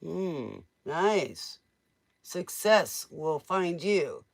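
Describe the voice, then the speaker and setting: A man's voice: fairly high pitch, big pitch swings, drawn-out words, vocal fry. A man doing a casual live-stream tarot reading, joking, teasing and laughing as he answers viewers' questions. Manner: jokey, teasing, laughs often. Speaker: tarot reader.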